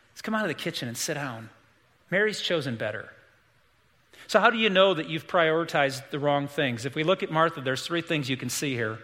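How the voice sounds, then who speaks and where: Bright-voiced preacher man in a reverberant hall. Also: fairly high pitch. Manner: earnest, emphatic preaching with repetition. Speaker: pastor. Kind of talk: sermon. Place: church sanctuary.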